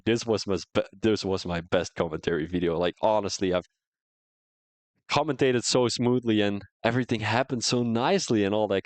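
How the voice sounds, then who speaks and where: A man's voice: lowish voice, no echo. A man commentating a sim racing league, chatting casually at the end of a live stream on a headset mic and answering viewers' comments as he goes. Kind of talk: casual post-race live-stream chat.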